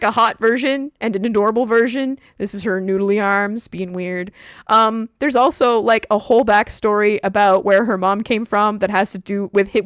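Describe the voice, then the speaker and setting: A woman hosting a casual stream, chatting in an animated way and laughing often as she explains things from her home setup. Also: medium pitch, no echo, studio quality. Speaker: streamer host.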